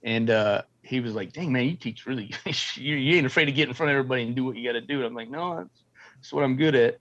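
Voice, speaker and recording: A man's voice: medium pitch, quick pace. Middle-aged man, ex-Marine storyteller, salty language, dull lo-fi sound. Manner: profane, animated storyteller acting out quotes. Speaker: guest, former Marine and film military advisor. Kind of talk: casual storytelling interview.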